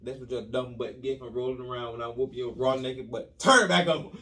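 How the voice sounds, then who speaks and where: A man's voice: medium pitch, fairly even intonation, brisk, fairly bright tone, distant mic, natural voice. A man voicing a stern mother who scolds her son in a firm, blunt way. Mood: scolding. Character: stern no-nonsense mother holding a belt.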